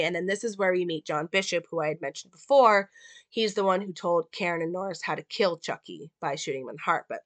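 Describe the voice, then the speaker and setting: A woman walks through a film's plot and meaning in a relaxed, rambling way. Her voice is bright and crisp, and the recording is dry with no room sound. She fills her pauses with "like" and "um.". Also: fairly low pitch, no echo. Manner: loose, with many "like" and "um" fillers. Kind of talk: casual film analysis and plot recap.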